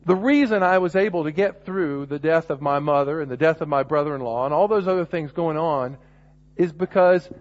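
A man's voice: fairly high pitch, fairly quick. A middle-aged man preaching a sermon, earnest and restarting often as he builds to emphatic points. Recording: muffled lo-fi recording.

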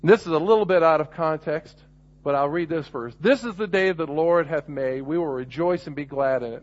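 A middle-aged man preaching a sermon, earnest and restarting often as he builds to emphatic points. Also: a little high. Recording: muffled lo-fi recording.

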